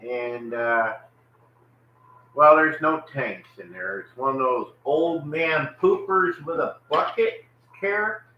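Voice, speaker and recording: A man's voice: on the high side, expressive, takes it slowly, highs cut off. A man, rambling casually on a live home vlog, chatting with his dogs between remarks. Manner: folksy Southern drawl, talks to his dogs in baby talk. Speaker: vlogger. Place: home kitchen and porch. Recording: echoey room with faint background noise.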